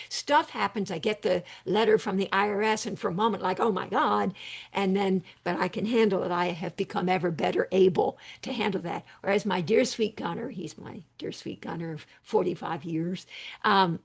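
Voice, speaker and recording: Older woman with a gravelly, husky voice. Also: mid-range voice. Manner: animated and emphatic, with quick asides. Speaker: psychiatrist and psychotherapist. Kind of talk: conversational video call interview. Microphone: video call.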